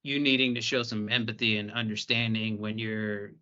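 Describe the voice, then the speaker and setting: A man's voice: lowish voice, fairly even intonation, normal speed, pushed and bright. A man hosting a podcast, asking conversational questions and stammering a little as he frames them. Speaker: podcast host. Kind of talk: casual podcast interviewing. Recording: slightly muffled audio.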